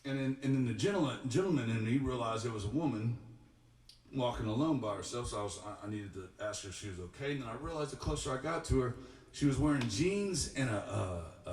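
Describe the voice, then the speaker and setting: A man's voice: mid-range voice, darkish tone, a little hiss or hum. A young man, a singer-songwriter, tells a rambling, self-deprecating story between songs at a live-streamed studio show. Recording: roomy studio, mic at a distance.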